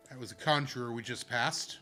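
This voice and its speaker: A man's voice: mid-range voice, steady tone, brisk, pushed and bright, faint music behind. A man casually playing an online role-playing game, joking and rambling as he reads the quests aloud. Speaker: gamer streaming a playthrough.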